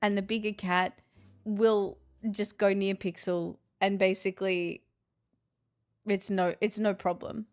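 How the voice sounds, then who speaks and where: An Australian woman hosts a casual live stream, chatting with viewers in a sarcastic, self-deprecating way. Her mid-range voice is clean and level, she speaks slowly, and faint music plays behind her.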